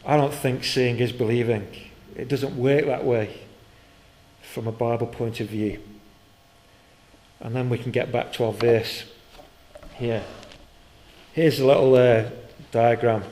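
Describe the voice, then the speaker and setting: Guy preaching, tells it like a story, asks the crowd questions, mid voice. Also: low-quality recording. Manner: storytelling, growing loud and high when excited. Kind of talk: sermon.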